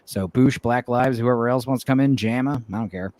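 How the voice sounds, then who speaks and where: Hosting a casual podcast game night on stream, a man talks in a loose, rambling way and laughs a lot. His mid-range voice is brisk with a darkish tone, and the recording has no room sound.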